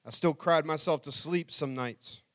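A man's voice: on the high side, unhurried, fairly bright tone. A middle-aged man telling his life story to an audience as a speaker, earnestly acting out what people said. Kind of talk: personal testimony talk.

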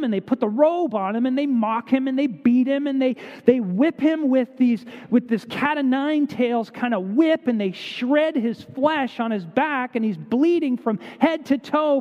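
A man's voice: very high voice, a little mellow. A man preaching a sermon, telling the story vividly and repeating words for emphasis. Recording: dull echoey hall recording.

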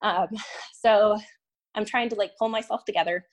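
A young woman guest recounting a painful personal experience in casual, halting talk, full of "um" and "like" and restarts. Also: mid-range voice. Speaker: podcast guest; violin teacher.

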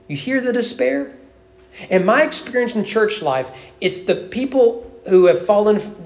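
Man preaching a conversational sermon. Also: high-pitched. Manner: conversational preaching with quoted inner voices and repetitions. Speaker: pastor. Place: church sanctuary.

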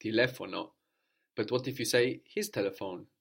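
A man's voice: fairly low pitch, normal speed. Patient man teaching a language lesson. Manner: patient, explanatory, ends points with a questioning "no?".

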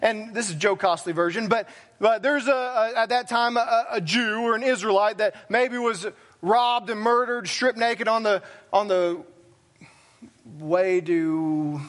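A pastor preaches a sermon in a church sanctuary, his voice very high-pitched and a bit bright. He talks plainly and conversationally, slipping in self-deprecating asides.

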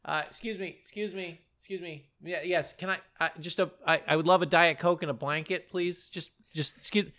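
A man's voice: fairly high pitch, fairly even intonation, a little fast, few pauses, pushed and bright. A man voicing a timid little girl who asks politely and hesitantly. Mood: meek. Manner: meek, hesitant, trailing off.

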